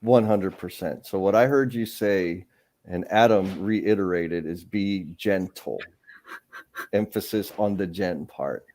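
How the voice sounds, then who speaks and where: A man's voice: low voice, a little slow, darkish tone. A man hosting a live stream, speaking candidly and earnestly about his own past struggles in a reflective, conversational way. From San Antonio, Texas. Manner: candid, earnest, thinks aloud with restarts.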